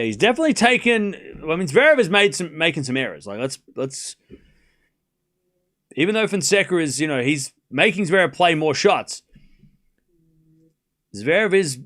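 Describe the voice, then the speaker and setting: A young man doing live play-by-play commentary on a tennis match for his stream. He is excitable, jokes with his chat and shouts at the big points. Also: fairly high pitch, normal speed.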